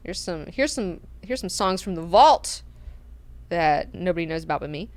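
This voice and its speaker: A woman hosting a book club, recapping chapters in an animated, slangy, profane way. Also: on the low side, normal speed, dry recording.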